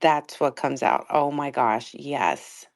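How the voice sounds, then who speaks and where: A woman's voice: extremely low pitch, slow. A woman co-hosting a live audio chat, playful and teasing. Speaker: audio room co-host. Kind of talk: casual chat.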